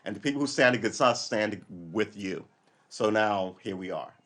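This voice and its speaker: A man hosting a live podcast, rambling and opinionated, swinging from loud outbursts to low asides. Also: lively intonation, moderate pace. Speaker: podcast host. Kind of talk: casual live commentary.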